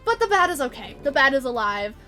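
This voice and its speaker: A woman narrating as game master in a playful, laughing, unhurried way. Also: sits high, sing-song, pushed and bright, soft background music.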